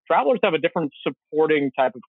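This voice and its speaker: Slightly high-voiced man on a tinny line. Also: rapid-fire, husky, no echo. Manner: relaxed, reflective, brief backchannels. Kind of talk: casual chat.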